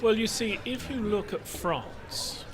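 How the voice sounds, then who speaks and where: A man's voice: sits high, slow. A man hosting a podcast panel, playful and wordy, joking in casual chat. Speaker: podcast host. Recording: crowd noise behind.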